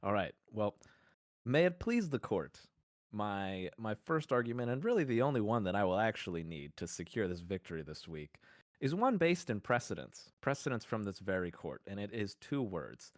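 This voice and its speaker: A man's voice: on the low side, very animated, moderate pace, no echo, clean studio sound. A man co-hosting a podcast, arguing his case in a playful, rambling, mock-formal way and laughing often. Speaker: podcast co-host. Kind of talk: casual mock-courtroom argument.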